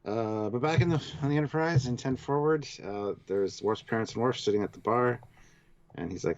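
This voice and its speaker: A man's voice: mid-range voice, normal speed, darkish tone. A man co-hosting a review show, casually recapping scenes and reading viewer messages. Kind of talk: casual episode review chat. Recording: dull lo-fi sound.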